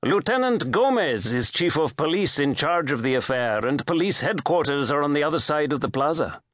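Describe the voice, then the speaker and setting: A man's voice: on the high side, expressive, normal speed, a bit bright, no echo, studio quality, voice pushed up. A male narrator voicing a watchful, polite hotel clerk in an audiobook, speaking deferentially and addressing the guest as sir. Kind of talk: audiobook character voice.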